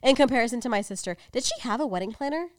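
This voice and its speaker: A woman's voice: on the high side, animated, rapid-fire, no room sound. A congested young woman co-hosting a podcast, talking in a rambling, chatty way full of fillers. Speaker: podcast co-host. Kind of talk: casual chat.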